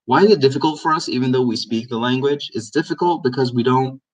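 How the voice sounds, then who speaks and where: A man's voice: medium pitch, quick pace, far from the mic, rough recording. A man, an Arabic speaker, teaching his language in a casual live Q&A and repeating words for emphasis. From Egypt. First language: Egyptian Arabic.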